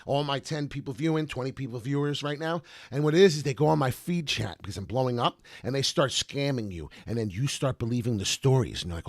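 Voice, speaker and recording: A man's voice: medium pitch, fast, hardly any pauses, no room sound, studio quality. A man hosting a crypto trading livestream, talking in a preachy, rambling way to his viewers. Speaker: crypto trading show host.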